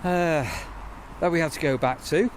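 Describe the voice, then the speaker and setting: A man's voice: on the high side, normal speed, slight background noise. A man vlogging at home at night, telling a rambling story and teasing his companion in casual chat.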